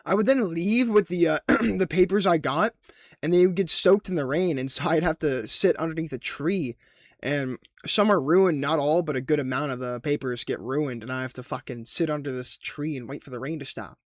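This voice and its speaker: A young man rambles through a gaming recap in loose slang, swearing freely. His voice sits a little high for a man. The sound is dry and close, with no room around it. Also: moderate pace, dry recording. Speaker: gaming YouTuber. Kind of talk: casual game recap narration.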